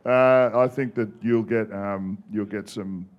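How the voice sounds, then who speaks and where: A man's voice: lowish voice, steady tone, unhurried, narrow, tinny audio, background noise. Australian man telling a laughing yarn. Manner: laughing, self-mocking anecdotes, swears freely. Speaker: guest, former rugby player. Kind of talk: casual storytelling on a podcast.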